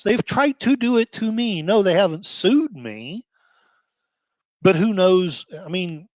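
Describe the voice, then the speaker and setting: A man hosting his own commentary show, ranting with feeling, sighing and breaking into quick heated outbursts between quieter stretches. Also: on the high side, no room sound, muffled recording. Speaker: blogger host. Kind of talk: emotional commentary rant.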